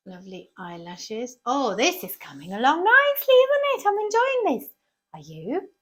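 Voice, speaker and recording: Woman, children's art teacher, lively sing-song voice, slow and encouraging. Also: a little high. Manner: cheerful, encouraging, asks the viewer questions. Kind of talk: drawing lesson for children.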